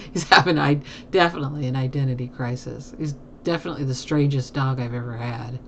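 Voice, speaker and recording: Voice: mid-range voice, quick pace, highs cut off, slight background noise. A live streamer chatting casually with viewers from a home desk, laughing often.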